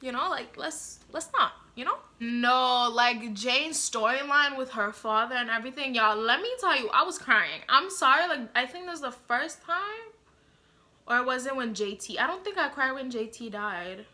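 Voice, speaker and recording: A woman's voice: high-pitched, normal speed, bright, forceful tone. A young woman vlogger giving blunt, sassy commentary to her viewers, full of slang and "like" and "you know". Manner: sassy, blunt and exaggerated, addresses viewers as y'all. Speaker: vlogger reviewing a TV show. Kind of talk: casual opinionated commentary to camera.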